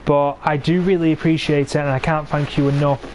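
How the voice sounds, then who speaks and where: A brisk, flat-voiced Englishman in his twenties commentates live on the tank game he is streaming, his voice on the high side with a darkish tone. He is sarcastic and grumbly about his teammates, and the cheap gaming mic carries slight background noise.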